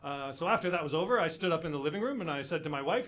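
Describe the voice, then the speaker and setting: A middle-aged man from Canada working a live comedy crowd with a high, lively voice. He rambles from one story to the next, mocks himself, and flares into loud shouted impressions. He speaks into a handheld stage mic in a club. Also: rapid-fire, hardly any pauses, slight background noise. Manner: rambling, self-mocking, bursts into shouted impressions. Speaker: stand-up comedian. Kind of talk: stand-up comedy set.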